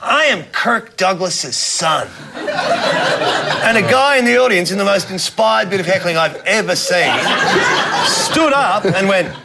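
A man telling an anecdote on a comedy panel, animated, acting out the quotes. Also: high voice, moderate pace, creaky. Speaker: panel guest. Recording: noisy TV studio audio.

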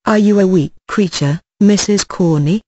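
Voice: mid-range voice, normal speed, a little mellow, no echo, dull audio, close to an everyday voice. An audiobook reader voicing a pompous middle-aged male parish beadle who speaks stiffly and self-importantly. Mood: soothing. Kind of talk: audiobook character reading.

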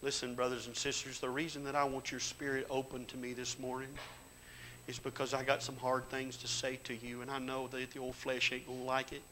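A middle-aged man preaching a sermon in a church. He tells folksy stories in plain grammar and builds to loud, fervent exhortation. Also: medium pitch, completely flat delivery, fairly quick, slight background noise, poor audio. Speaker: pastor. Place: church sanctuary.

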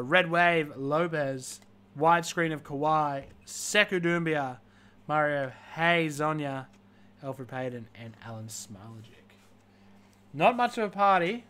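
A man's voice: fairly high pitch, pushed and bright. A man hosting a live card-breaking stream, listing player names one after another and dropping joking asides.

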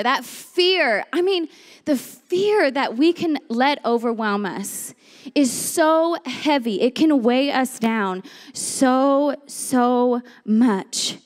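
A young woman with a high, bright voice preaches in a lively, conversational way. She tells her story with energy and slips into different voices as she goes, talking to the congregation like friends. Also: in a large hall. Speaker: speaker at a women's church series. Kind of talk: animated storytelling sermon.

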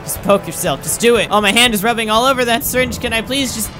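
A man giving excitable gameplay commentary, frantic, exclaiming and laughing at himself as he plays. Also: extremely high pitch, quick pace, over music. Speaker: gaming commentator.

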